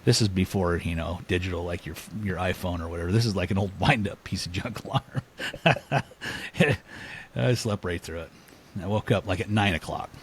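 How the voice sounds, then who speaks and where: A man, a podcast guest, telling a story in a casual, animated way, laughing often and acting out what people said. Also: deep voice, normal speed, slight background noise. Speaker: podcast guest, elk hunter.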